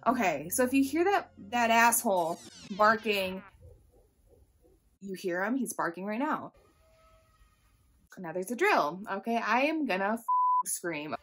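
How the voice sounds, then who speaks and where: A woman's voice: medium pitch, expressive, measured pace, pauses often, a bit bright. A woman in her twenties, a makeup artist vlogging at home in a chatty, self-deprecating way, swearing freely, with a nasal voice. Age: 20s. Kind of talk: casual chatty storytime.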